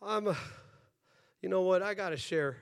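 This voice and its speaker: A man's voice: high voice, normal speed, vocal fry. A man preaching a sermon in a church, fervent and earnest, often repeating his phrases. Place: church sanctuary.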